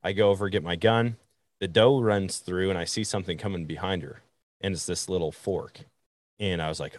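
Young male host, deep dry voice, lively storyteller. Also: moderate pace, no room sound. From Wisconsin. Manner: animated, acts out quoted voices. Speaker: podcast host. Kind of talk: storytelling in casual conversation.

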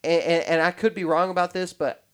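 A man hosting a podcast, telling stories in a rambling, animated way with many restarts. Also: on the high side, a little fast. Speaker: podcast host. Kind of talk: casual podcast chat.

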